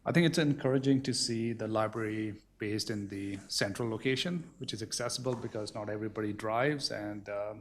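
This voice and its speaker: A man's voice: fairly low pitch, brisk, hardly any pauses. A man on a town council giving earnest comments with many fillers. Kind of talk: council meeting remarks.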